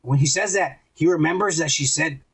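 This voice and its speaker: A man's voice: a little high, a little fast, a bit bright, slightly rough. A man hosting a podcast, retelling a TV episode in a profane, rambling way with lots of acted-out quotes. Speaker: podcast host. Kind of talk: casual recap of a TV episode.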